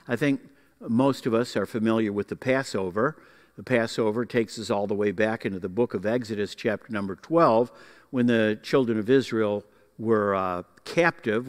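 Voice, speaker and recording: A man teaching a Bible class in a folksy, explanatory way, pausing often to find his words. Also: medium pitch, big-room sound. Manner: folksy, explanatory, with frequent uh fillers.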